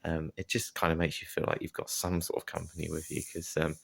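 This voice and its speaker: A man's voice: rumbling low, level tone, a little fast, gravelly, husky, dry recording. A young man chatting casually to his phone while out running by the sea, with lots of fillers and a self-deprecating manner. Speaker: vlogger. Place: outdoors by the sea. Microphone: handheld phone.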